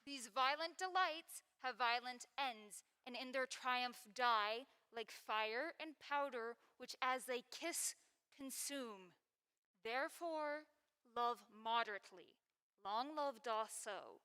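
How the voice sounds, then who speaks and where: A young woman acting a measured, advising priest in a school stage play. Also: a little high, pushed and bright, smooth. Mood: solemn. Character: solemn wise priest, man. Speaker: high school stage actor.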